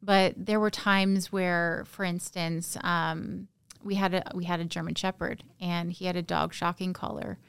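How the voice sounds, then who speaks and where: A woman from Canada, a podcast guest, recounting a personal story in a halting, emotional, soft-spoken way. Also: lowish voice, level tone, creaky, smooth, no echo.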